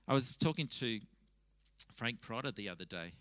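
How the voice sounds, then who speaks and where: Bright-voiced man preaching a conversational sermon. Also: mid-range voice, moderate pace, dry recording, poor audio. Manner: conversational, animated storytelling with frequent restarts. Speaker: pastor. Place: church service.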